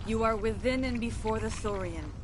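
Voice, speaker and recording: A menacing herald of an old plant hive-mind, played by a woman, speaking in cold, grandiose proclamations in a video game. Heavy game noise rumbles underneath. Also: normal speed, close to an everyday voice. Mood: ominous.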